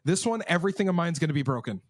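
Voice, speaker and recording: A young man with a notably high voice, cursing freely as he tells animated stories on a podcast. The sound is dry and close-miked, and he acts out every quoted line. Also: very fast, dry recording. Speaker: podcast co-host. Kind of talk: casual storytelling chat.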